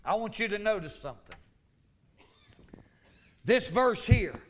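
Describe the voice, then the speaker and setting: A man preaching a fervent sermon, swinging from loud calls to low asides. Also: very animated, unhurried. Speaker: pastor.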